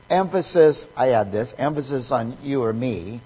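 A man delivers a sermon in a slow, deliberate cadence, his voice slightly husky. He leans on repetition and emphasis to drive each point home. The sound rings out with the long reverb of a large hall. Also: mid-range voice, darkish tone. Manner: emphatic, repeats key phrases. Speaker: preacher.

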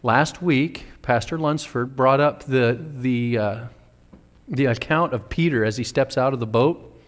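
A man's voice: mid-range voice, measured pace. A man preaching a sermon as a pastor, fervent and dramatic, acting out the voices he quotes. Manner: fervent, acts out quoted voices with big swings. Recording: long reverb of a large hall.

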